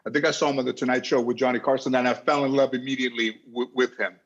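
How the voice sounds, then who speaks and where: A middle-aged man telling a rambling, animated story as a talk show guest. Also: medium pitch, very fast, dull audio. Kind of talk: casual storytelling.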